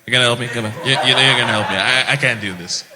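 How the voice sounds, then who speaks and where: A man's voice: mid-range voice, very noisy, lightly acted. A Nigerian man voicing a flustered professor who begs for help in a hurry. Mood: pleading. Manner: hurried, pleading.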